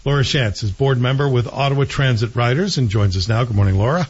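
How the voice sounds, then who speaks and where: Chatty talk radio host. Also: male voice, medium pitch, quick pace, slightly rough. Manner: chatty, self-deprecating, joking asides. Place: radio studio. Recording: dull radio broadcast.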